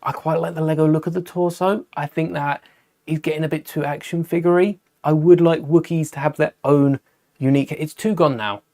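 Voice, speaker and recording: A British man with a fairly high voice hosts a live Lego stream. He chats in a relaxed, offhand way, musing aloud as he builds. He breaks off now and then to answer viewers' questions. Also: a little fast. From United Kingdom. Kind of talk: casual live-stream chat.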